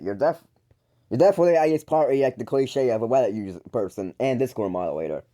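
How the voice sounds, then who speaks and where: A man with a dark, mellow voice ranting through a call-out monologue. He trips over his words and restarts constantly, with a mocking, exasperated edge. His pitch sits in a middling range. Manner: rambling, with frequent stumbles and restarts. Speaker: YouTuber calling out his older brother.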